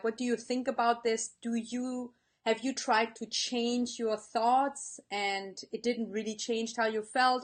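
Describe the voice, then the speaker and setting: A woman life coach giving an earnest live-stream talk, speaking straight to her viewers and reading out their comments. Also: on the high side. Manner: earnest, warm-hearted, speaks to viewers directly.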